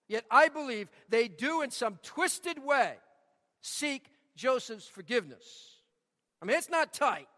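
A man's voice: very high-pitched, pushed and bright, big-room sound. A man preaching a sermon, telling stories and repeating key lines for emphasis. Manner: storytelling with emphatic repetition. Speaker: pastor.

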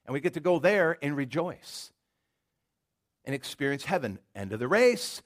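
Preaching a sermon, a middle-aged pastor tells stories in a lively way, building his argument through repeated words. His voice runs on the high side at a normal speed.

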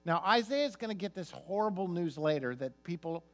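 A man preaching a sermon as pastor, telling stories, his voice swinging from loud emphasis to soft, quiet asides. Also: sits high, animated, brisk, soft background music.

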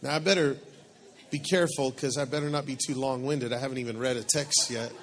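A man preaching a sermon in a conversational, joking, animated way, talking to the congregation with asides and humor. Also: mid-range voice, fairly quick. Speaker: pastor.

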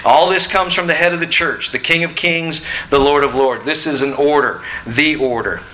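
A man's voice: fairly high pitch, moderate pace, pushed and bright, poor audio. A middle-aged man preaching a sermon in a church, emphatic and questioning his listeners. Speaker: pastor. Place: church sanctuary.

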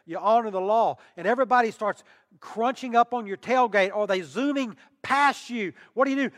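A man preaching a sermon as pastor, emphatic, with long pauses and rising intensity. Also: high voice, fairly bright tone, long reverb tail.

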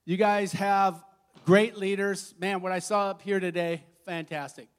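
Lead pastor, man, middle-aged; lively storytelling sermon delivery, laughs easily, higher-pitched voice. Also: unhurried, clean tone. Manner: animated, laughing, acting out stories.

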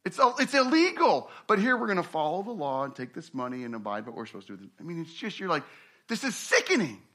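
A man preaching a sermon, acting out the people in his story and swinging from hushed, slow passages to loud, fast ones. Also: fairly high pitch, wildly swooping pitch. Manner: dramatic preaching, acts out quoted voices, swings from hushed to loud. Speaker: pastor.

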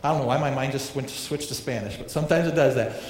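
A man's voice: mid-range voice, fast talker, a little hiss or hum. A male pastor preaching a sermon, emphatic, repeating phrases and asking rhetorical questions. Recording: echoey hall reverb, faint ambience.

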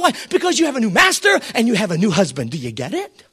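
A man preaching a sermon as pastor, swinging between shouted appeals and quiet asides and putting questions to the congregation. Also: high-pitched, huge pitch swings, fast, slightly rough. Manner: preaches with fervor and calls out to the listeners.

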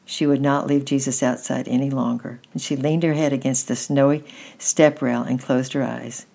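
A woman gently reading a children's story aloud at an unhurried pace. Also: very deep voice, fairly even intonation, vocal fry.

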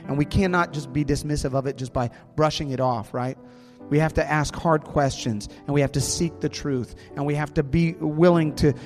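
A man preaching a sermon as pastor, earnest and slowing down to stress key words, in a church sanctuary. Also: mid-range voice, a little mellow. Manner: earnest, slows down for emphasis. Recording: long hall reverb, faint music.

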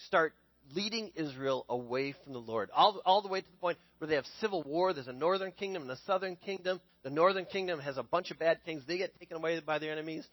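A young man tells a Bible story in an easy, chatty sermon, often pausing to ask his listeners "okay?" His voice sits a little high for a man. The sound is close and dry, with almost no room echo. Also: a bit bright. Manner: conversational, checks in with listeners with "okay?". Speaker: preacher.

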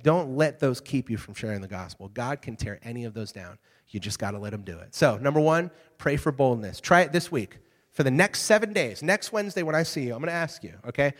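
A young adult man preaching a casual youth sermon, telling stories with lively, conversational check-ins to his listeners. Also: fairly high pitch. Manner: conversational, animated storytelling with frequent "okay?" check-ins. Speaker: youth pastor. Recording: hall reverb.

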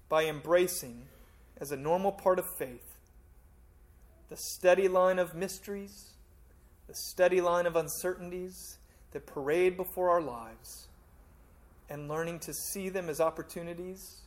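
A pastor delivering a sermon in a fairly high-pitched male voice. He talks to the congregation in a conversational way, pushing some phrases out loud and dropping others to a near hush. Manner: conversational preaching, swinging between loud emphasis and hushed asides.

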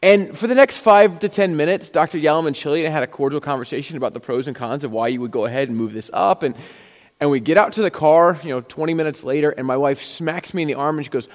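This pastor's voice is a little high and his pace quick as he preaches, telling stories conversationally and performing the characters' lines. Long hall reverb colors the recording.

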